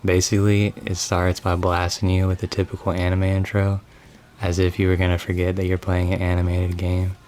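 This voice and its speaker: A man with a deep, dark voice recaps a game's story with dry sarcasm. His delivery barely moves in pitch, staying level and unimpressed throughout. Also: a little fast, a little hiss or hum. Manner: deadpan, mocking. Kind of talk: comedic sarcastic story summary.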